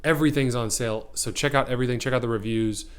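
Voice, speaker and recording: An acting coach, a man, talks straight to his viewers in an energetic, emphatic way. His voice sits at an ordinary middle pitch, and he leans on key words as he teaches. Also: fast, smooth. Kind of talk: direct-to-camera teaching.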